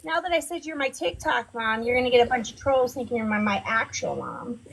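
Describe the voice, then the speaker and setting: Woman chatting w friends, super high voice, bouncy and mocking. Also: brisk, creaky. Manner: animated, mocking, laughs a lot. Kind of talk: casual group chat.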